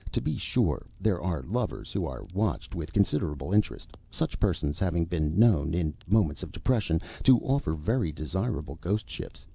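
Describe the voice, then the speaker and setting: A man's voice: low-pitched, sing-song, normal speed, gravelly, few pauses, husky, exaggerated voice. A man voicing a polite but fretful male ghost in a story reading, eager and fussy in manner. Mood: earnest. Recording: dull lo-fi recording.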